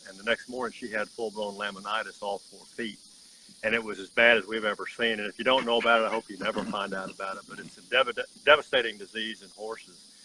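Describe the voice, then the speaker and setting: A man who runs a horse farm telling a story outdoors in an earnest, folksy way with halting restarts, insects chirping behind him. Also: lowish voice, sharp tone, a little hiss or hum, low-quality recording. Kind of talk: casual storytelling testimonial.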